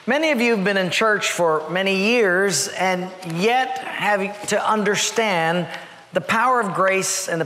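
A male pastor preaching a sermon in a church, with a conversational, joking manner and slowed, emphatic stresses. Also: high voice, bright, forceful tone, big-room sound.

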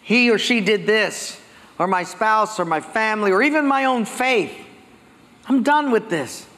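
A male pastor preaching a sermon, telling stories with lively acted-out dialogue. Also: high-pitched, a little slow. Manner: animated storytelling, acting out dialogue. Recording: long hall reverb.

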